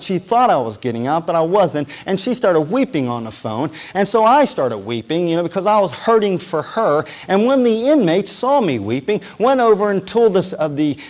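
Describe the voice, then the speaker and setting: A man preaching his testimony as a story, speaking with a somewhat high voice. He draws the congregation in with questions and moves between soft, hushed stretches and loud, emotional bursts. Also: low-quality recording. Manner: storytelling, asks the audience questions; swings from quiet to loud and emotional. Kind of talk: sermon testimony.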